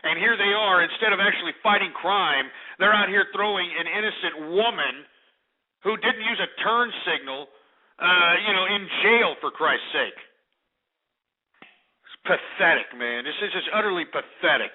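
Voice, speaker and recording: Over narrow, phone-like radio audio, a man hosting a call-in show brashly rants at and insults the people who ring in. His voice sits high, and he speaks at a moderate pace.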